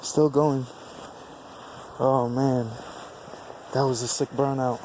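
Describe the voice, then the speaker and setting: A man's voice: medium pitch, flat delivery, slow pace, dark tone, a little hiss or hum. A man filming outdoors at night on a handheld camera, giddy and swearing, laughing often between remarks. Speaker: vlogger filming a burnout. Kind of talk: excited casual commentary.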